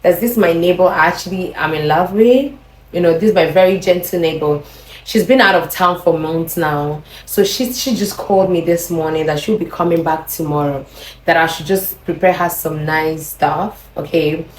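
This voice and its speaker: Young Nigerian woman vlogger, lowish voice, echoey room, animated storytelling. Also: normal speed, slight background noise. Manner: animated, acts out quoted lines. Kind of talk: casual storytelling.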